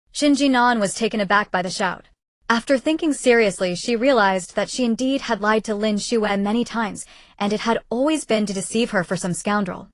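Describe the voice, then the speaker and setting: A woman narrating a novel in an audiobook, in an even, steady storytelling manner. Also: medium pitch, moderate pace, no echo.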